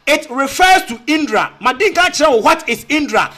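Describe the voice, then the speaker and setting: A man's voice: very high-pitched, sing-song, moderate pace, sharp tone. A man with a Ghanaian accent giving a casual spoken rebuttal, repeating himself and asking rhetorical questions, mixing in Twi phrases. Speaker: online commentator.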